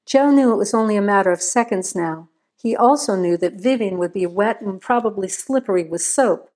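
A woman's voice: medium pitch, moderate pace, a little mellow. Woman narrating a crime story.

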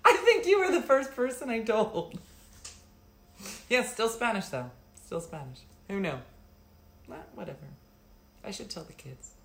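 A woman's voice: on the high side, animated, unhurried, long pauses, a bit bright, a little hiss or hum. A middle-aged woman hosting a live stream, chatting casually, rambling and laughing often. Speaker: livestream host.

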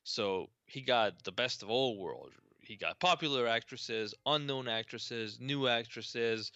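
A man's voice: mid-range voice, measured pace, bright, forceful tone, no room sound, highs cut off. A man co-hosting a casual podcast discussion over a video call, blunt and wry, with a profane edge. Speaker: podcast co-host.

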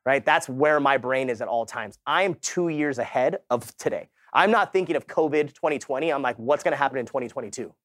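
A middle-aged man telling a lively real estate story to a summit audience in casual slang, acting out the dialogue. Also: mid-range voice, normal speed, few pauses, no echo, clean studio sound. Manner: animated, slangy, acts out quoted dialogue. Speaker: real estate agent giving a talk. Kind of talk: energetic motivational storytelling. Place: stage at a sales summit.

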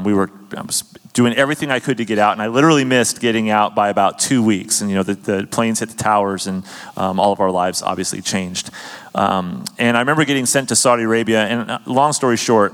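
A man's voice: on the low side, fairly bright tone, long reverb tail. A man hosting a faith discussion, telling a personal testimony earnestly with many fillers. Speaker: host.

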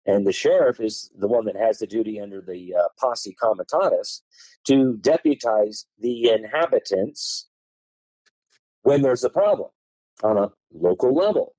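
A man explaining law on a podcast, reading passages aloud and hammering key words with swooping, lively pitch. His voice is dark and slightly husky, recorded dry and close. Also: measured pace, dry recording, low-quality recording. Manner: emphatic, stresses key words with tone changes; reads legal texts aloud in a lecturing way. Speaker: podcast guest.

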